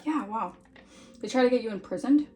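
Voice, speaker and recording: A woman's voice: fairly high pitch, animated, fairly quick, a little mellow, faint music behind. A woman giving a casual tarot reading in a chatty, informal way, often checking in with "all right?". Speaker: tarot reader.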